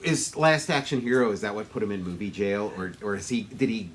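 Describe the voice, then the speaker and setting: A man's voice: on the low side, expressive, fairly quick, a little hiss or hum. A man co-hosting a podcast, chatting casually about movies in a musing way that trails off into restarts. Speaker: podcast co-host.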